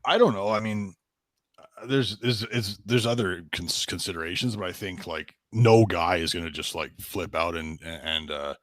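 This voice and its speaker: A man's voice: low voice, normal speed, no room sound, studio quality. A young adult man co-hosting a podcast in casual chat, rambling with lots of "you know" and acting out quoted greetings. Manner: rambling, many fillers like "you know", acts out quotes brightly. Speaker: podcast co-host.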